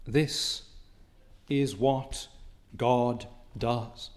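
A man preaching a sermon, reading scripture in old biblical wording, with emphatic rises and quiet drops. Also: medium pitch, fairly even intonation, drawn-out words.

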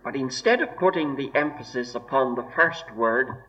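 A man preaching an expository sermon in a slow, measured way, weighing each word with deliberate emphasis. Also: mid-range voice, lively intonation, fairly bright tone. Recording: dull lo-fi recording.

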